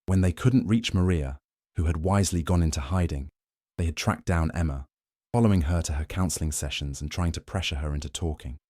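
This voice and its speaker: A man giving scripted story narration in a measured storytelling manner. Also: sits low, darkish tone, no room sound, clean studio sound.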